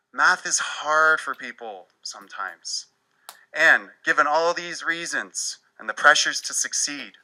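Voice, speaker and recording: A man giving a presentation talk in an animated, wry storytelling manner. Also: mid-range voice, poor audio. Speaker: speaker.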